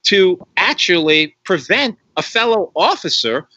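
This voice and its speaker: A man's voice: high-pitched, sing-song, measured pace, sharp tone, dry recording, lo-fi sound. A man speaking as an interview guest on a live stream, emphatic and repetitive, asking rhetorical questions. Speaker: guest commentator on policing.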